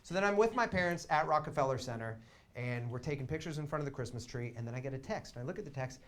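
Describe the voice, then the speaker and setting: A young man doing stand-up storytelling in a small theater, swinging between quiet asides and loud excited bursts. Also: mid-range voice, quick pace. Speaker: comedian.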